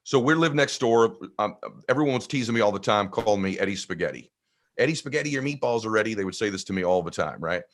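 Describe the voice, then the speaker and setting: Energetic storytelling man. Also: fairly low pitch, fast, hardly any pauses. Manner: energetic, conversational, acts out voices. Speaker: guest speaker. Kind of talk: animated storytelling in conversation.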